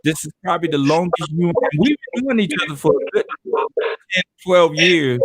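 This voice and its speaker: A man hosting an interview, talking in a relaxed, conversational way and repeating words as he thinks. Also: on the high side, fairly quick, no room sound, low-quality recording. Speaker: interview host.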